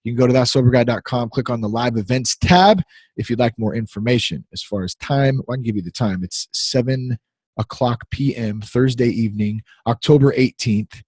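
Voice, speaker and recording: A man's voice: medium pitch, brisk, darkish tone, slightly rough, dry recording. A man in his thirties hosting a podcast, talking casually in a rambling, easily distracted, playful way. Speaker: podcast host.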